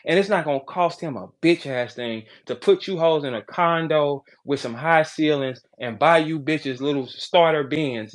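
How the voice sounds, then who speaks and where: Male, slightly high voice, loud crude rant, profane and jokey. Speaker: battle rapper on a live audio chat.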